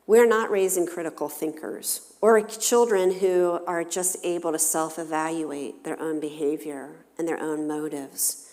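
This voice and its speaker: A woman's voice: lowish voice, measured pace, darkish tone, in a large hall. A woman counselor giving a parenting talk in a church, engaging her listeners with questions. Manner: engaging, poses questions to the audience. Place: church hall.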